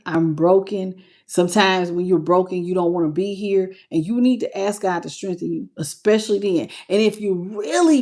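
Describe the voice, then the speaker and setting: A woman's voice: mid-range voice, a little mellow. A woman hosting a spiritual tarot channel, talking earnestly and casually to her viewers. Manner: earnest and intimate, with loose casual phrasing. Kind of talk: casual livestream talk to viewers.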